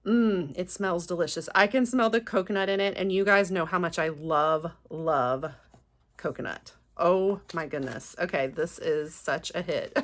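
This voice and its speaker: A woman's voice: medium pitch, pushed and bright. A woman, chatting casually as a beauty vlogger while unboxing, gushing and exclaiming often.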